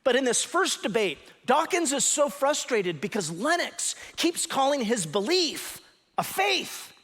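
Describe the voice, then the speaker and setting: A man preaching a sermon as pastor, emphatic and animated, stressing words sharply and teaching his congregation. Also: very high-pitched, unhurried, long reverb tail. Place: church sanctuary.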